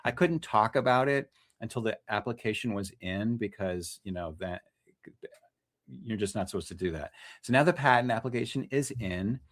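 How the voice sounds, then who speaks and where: A middle-aged freelance journalist with a lowish voice appears as a podcast guest in a casual conversational interview. He speaks at normal speed in an animated, loose way, restlessly correcting himself, breaking off mid-phrase to start again, and using many fillers as he works through his ideas.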